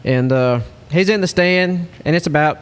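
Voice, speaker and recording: A man, a hunting lodge guide, telling a story in a casual, animated way. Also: on the high side, normal speed, smooth. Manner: animated storyteller, Southern-style speech.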